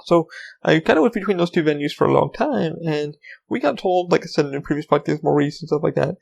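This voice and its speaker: Casual male podcast host, slightly high, gravelly voice, rambling and profane. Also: animated, fast talker, a little mellow, rough recording. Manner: rambling, swears freely, frequent ums. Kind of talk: casual solo podcast chat.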